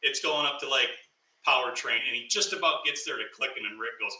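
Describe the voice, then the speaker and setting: A man with a very bright, forceful voice tells a story in casual chat, getting animated and breaking into laughter. He sits back from the mic in a roomy, echoey space, and faint background sound runs underneath. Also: medium pitch, fairly quick. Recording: echoey room, mic at a distance.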